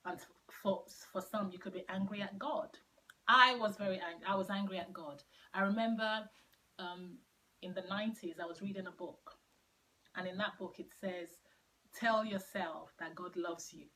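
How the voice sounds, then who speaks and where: A woman's voice: mid-range voice, moderate pace, pushed and bright, low-quality recording. A middle-aged woman giving an earnest faith-based teaching talk, repeating key phrases for emphasis and sinking to near-whispers on painful words. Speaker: Christian speaker sharing her testimony.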